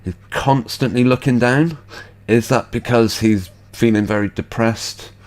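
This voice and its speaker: A man's voice: mid-range voice, unhurried, a little mellow. A man hosting an online show, making skeptical, rambling remarks over video clips. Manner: skeptical, rambling asides with fillers. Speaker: host.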